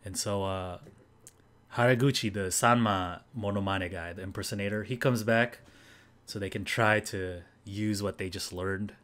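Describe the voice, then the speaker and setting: A man with a lowish voice talks in an easygoing, meandering way, piling on fillers as he recaps a show for his podcast co-hosts. It is relaxed, unscripted chat. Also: moderate pace. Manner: rambling recap, full of fillers and acted quotes. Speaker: podcast co-host. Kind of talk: casual chat.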